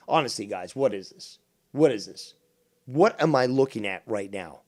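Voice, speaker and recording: Gravelly man ranting in mock panic. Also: mid-range voice, lively intonation, measured pace, dry recording, clean studio sound. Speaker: stream host. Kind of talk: casual livestream commentary.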